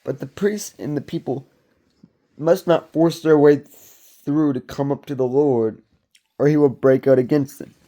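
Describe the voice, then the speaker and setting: A man reading a Bible chapter aloud in a steady, measured way. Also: on the high side. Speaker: Bible reader. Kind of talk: scripture reading.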